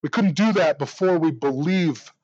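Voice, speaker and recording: A male pastor with a high-pitched voice preaches with earnest conviction. He often repeats the first word of a phrase before he gets going. The recording is dry and a little muffled. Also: normal speed, darkish tone, no echo. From United States. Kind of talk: sermon.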